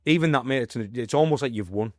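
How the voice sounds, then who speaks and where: A man hosting a podcast, asking questions in a relaxed, casual way and swearing freely. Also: medium pitch, fast talker, dry recording, studio quality. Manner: relaxed, swears casually, reacts with short encouragements. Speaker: podcast host. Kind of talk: casual interview.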